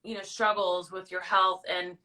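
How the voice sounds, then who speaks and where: Woman hosting a live chat, bright voice, encouraging, sounds a bit far from the mic. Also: fairly low pitch, little pitch movement, moderate pace. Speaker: host. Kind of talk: casual chat on a livestream.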